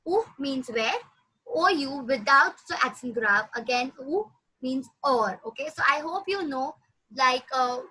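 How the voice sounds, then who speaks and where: High, bright woman teaching. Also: expressive, slightly rough, poor audio. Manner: patient, repeats words slowly for the student. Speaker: French teacher. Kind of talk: classroom language lesson.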